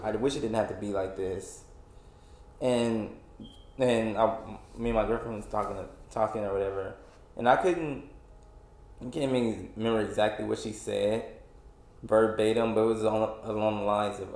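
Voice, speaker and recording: A twenty-something man hosts a solo podcast, his lowish, darkish voice holding a steady tone at normal speed in a roomy space. It's a casual rant, rambling and frustrated, full of restarts and filler words.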